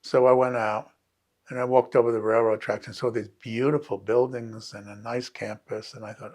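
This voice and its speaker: An older man from New Jersey, a physician, telling a personal story in a wry, animated way and acting out the dialogue. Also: mid-range voice, normal speed.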